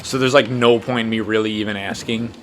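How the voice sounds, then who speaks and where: A man's voice: lowish voice, fairly even intonation, brisk, noisy background. A man in his twenties telling a rambling, profane, self-mocking story in a casual chat while gaming. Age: 20s. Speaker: podcast host.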